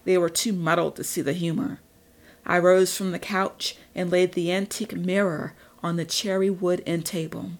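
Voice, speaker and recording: Woman reading a dark story aloud. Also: lowish voice. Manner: measured, even storytelling. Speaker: narrator. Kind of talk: audiobook reading.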